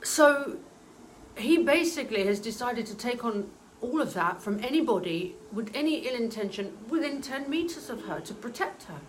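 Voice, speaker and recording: A woman's voice: a little high, animated, normal speed, a little hiss or hum, low-quality recording. Brief: earnest woman medium, casual storytelling, hesitant and emotional. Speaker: spiritual medium.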